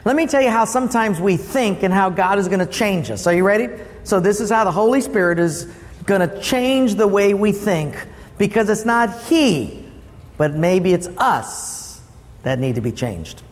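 A man preaching a sermon as pastor, lively and asking the congregation questions. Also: high voice, moderate pace, big-room sound.

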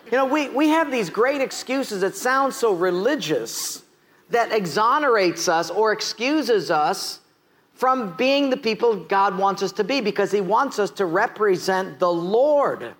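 Brief: American male pastor, high voice, animated sermon, jokey, asks the congregation questions. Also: a little slow. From United States. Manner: animated, asks the crowd questions, jokes and laughs.

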